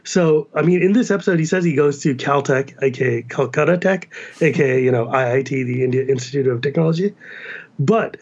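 An American man with a Californian accent, a guest chatting casually and animatedly, with quick asides and laughs. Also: medium pitch, a little mellow, dull audio. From United States. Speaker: podcast guest. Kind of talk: casual chat.

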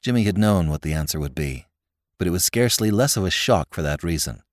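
A man narrating classic fiction in a wry, expressive storytelling manner. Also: sits low, brisk, no echo, clean studio sound. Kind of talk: audiobook reading of classic fiction.

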